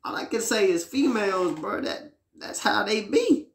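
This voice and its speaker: A woman hosting a reaction video, animated and repetitive, who stops and restarts her lines often. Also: mid-range voice, moderate pace, creaky. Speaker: reaction channel host. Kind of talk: excited reaction commentary. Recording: echoey room.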